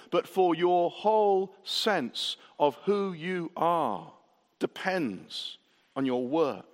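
A man preaching a sermon, earnest, building his points with rhetorical questions and repetition, heard in a reverberant church hall. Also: medium pitch. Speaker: pastor.

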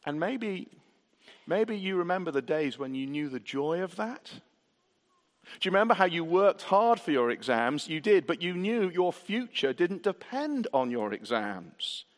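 Brief: male pastor, sermon, earnest and repetitive, fairly high pitch, reverberant church hall. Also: sing-song, a little slow. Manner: earnest, rhetorical questions and repetition.

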